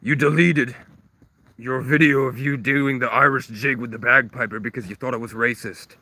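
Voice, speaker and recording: A man putting on a raging, self-crowned king of the north, shouting accusations at full volume. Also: medium pitch, fairly even intonation, moderate pace. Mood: furious.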